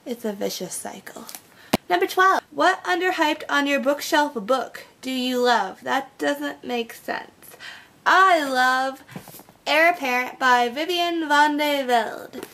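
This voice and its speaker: A woman's voice: sits high, slow, sharp tone, slight background noise. A young woman chatting casually in a bookshelf tag vlog, bubbly and full of fillers. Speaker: book vlogger.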